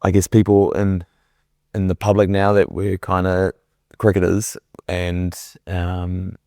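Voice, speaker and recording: A man guesting on a cricket podcast talks in a casual, halting way and often restarts his sentences. His voice is low and the sound is dry and close to the mic. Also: completely flat delivery, dark tone, no room sound.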